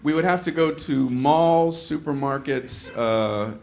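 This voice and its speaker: A middle-aged stand-up comedian works a live room, his voice sitting a bit high for a man. He tells the story with animated, exasperated energy and slips into quick acted-out voices. A faint hum of live-show noise sits under him. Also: gravelly. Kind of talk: stand-up routine. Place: comedy stage with audience laughter.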